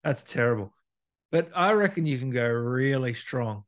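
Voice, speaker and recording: A man's voice: mid-range voice, expressive, moderate pace. A man hosting an interview, playful, teasing and enthusiastic. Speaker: podcast host. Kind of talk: casual interview.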